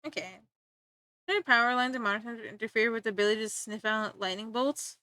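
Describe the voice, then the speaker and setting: A woman's voice: on the high side, quick pace, sharp tone, clear, resonant tone, dry recording. A young woman streaming live, rambling and joking in casual chat with frequent laughter.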